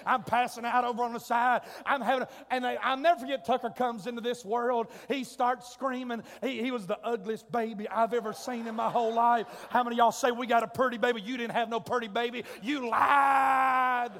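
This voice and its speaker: A man preaching a sermon, telling a comic family story in a folksy way, his voice rising to shouts and drawing out words for emphasis. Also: very high-pitched, steady tone, fast talker, hardly any pauses, slight background noise. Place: church sanctuary. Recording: long hall reverb.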